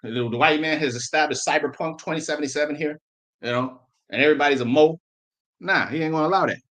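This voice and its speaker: A man's voice: on the high side, fast talker, fairly bright tone. A man preaching, who reads old-style scripture and then explains it in blunt street slang, often repeating words. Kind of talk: sermon with scripture reading.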